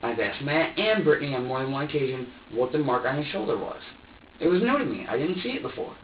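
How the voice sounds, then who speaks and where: Under police questioning in an interrogation room, a man with a mid-range voice rattles off a rambling, profane account, very animated and quick. He keeps restarting and acts out his earlier thoughts. The recording is distant, echoey, and dull, with slight background noise.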